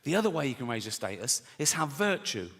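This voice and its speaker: A man's voice: mid-range voice, big pitch swings, fast, fairly bright tone. Guy doing standup, sardonic, swears a lot, laughs at his own jokes, echoey hall. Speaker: comedian. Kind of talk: stand-up routine.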